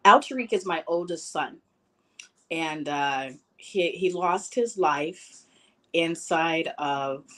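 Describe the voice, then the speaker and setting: A middle-aged woman with a very low voice speaks in personal testimony, halting often with fillers. She is close to tears. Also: expressive, sharp tone. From Chicago, USA. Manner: halting, emotional, many fillers. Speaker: bereaved mother speaking at a town hall.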